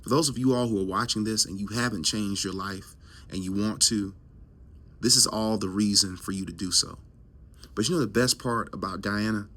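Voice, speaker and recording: Emphatic preachy man, bright tone. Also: fairly low pitch, normal speed. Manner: emphatic, preachy, uses repetition and rhetorical questions. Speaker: health coach host. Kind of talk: motivational monologue to camera.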